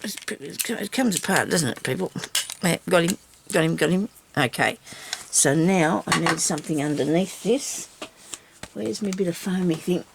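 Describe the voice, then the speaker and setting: Gravelly-voiced woman chatting while crafting. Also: lowish voice, moderate pace, noisy background. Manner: chatty, talks to herself and viewers while working; self-teasing with frequent small laughs. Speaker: crafter filming a tutorial. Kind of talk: casual crafting chat.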